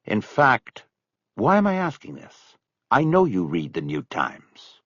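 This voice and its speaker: A man voicing a middle-aged man who talks in a curt, forceful way, close to his own low voice. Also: huge pitch swings, unhurried, no echo, muffled recording, exaggerated voice. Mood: dry. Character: angry, clipped middle-aged man holding back rage.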